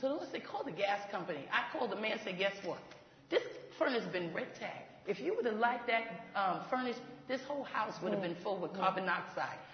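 Brisk woman ministry leader, animated testimony with laughs, heard in a big echoing hall. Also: medium pitch, slight background noise. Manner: animated, laughs while talking, acts out quoted voices. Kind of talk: testimony storytelling. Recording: echoey hall, dull lo-fi sound.

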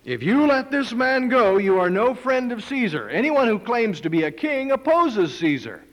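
Man voicing angry shouting mob. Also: lively intonation, a little fast, close to an everyday voice. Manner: shouting, high and forceful. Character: angry crowd of priests and officials. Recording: long hall reverb.

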